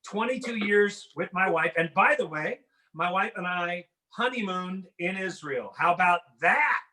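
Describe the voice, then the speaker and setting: High bright-voiced man doing stand-up. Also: lively intonation, measured pace. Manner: conversational, self-deprecating joke delivery. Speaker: stand-up comedian. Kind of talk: stand-up comedy set. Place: home in a house.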